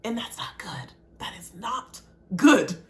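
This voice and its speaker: A woman's voice: medium pitch, big pitch swings, takes it slowly. A woman poet reacting to a song in a casual video, emotional and repeating her phrases.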